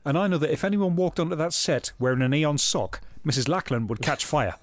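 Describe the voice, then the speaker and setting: A man's voice: on the high side, a little fast, very noisy. A man co-hosting a comedy podcast about old television, mocking it with dry humour. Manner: mocking, mimics accents while joking. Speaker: podcast co-host. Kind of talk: casual comedic chat reviewing old TV.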